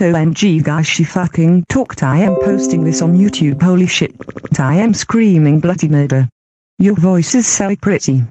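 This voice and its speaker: A man doing a gushing, excited classmate. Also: fairly high pitch, no room sound, lightly acted. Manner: overexcited, gushing.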